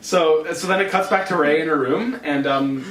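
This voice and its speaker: A man's voice: a little high, moderate pace, crowd noise. Man rambling through a comic story. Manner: rambling storyteller, laughs often. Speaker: host. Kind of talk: casual comedic script read-through. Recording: echoey room, mic at a distance.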